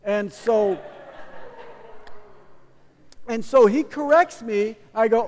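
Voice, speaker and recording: A man's voice: very high voice, measured pace, darkish tone, in a large hall, slight background noise. A man preaching a sermon as a pastor, teaching in a casual, conversational way with frequent restarts and playful asides.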